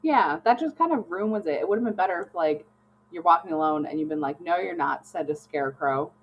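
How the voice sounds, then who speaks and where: A woman co-hosting a casual podcast chat, expressive and swearing casually as she jokes. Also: a little fast. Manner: expressive, swings high when joking, swears casually. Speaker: podcast co-host. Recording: dull lo-fi mic with faint hum.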